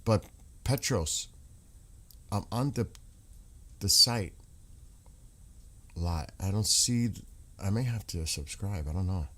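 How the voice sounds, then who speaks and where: A man's voice: sits low, expressive, slow pace, pauses often, bright, forceful tone. A man hosting a casual livestream, reading viewer comments aloud and answering them while he looks things up online. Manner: reads viewer comments aloud and responds, searching websites while talking. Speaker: livestream host reading chat.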